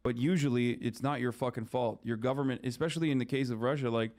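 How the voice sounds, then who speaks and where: A man's voice: mid-range voice, steady tone, quick pace, darkish tone. A young man on a live stream, talking bluntly and swearing as he reads and answers chat.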